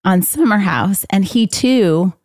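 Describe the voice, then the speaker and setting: A woman's voice: mid-range voice, expressive, slow pace, darkish tone. A woman co-hosting a podcast, chatting in a teasing, playful way. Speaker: podcast co-host. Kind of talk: casual chat.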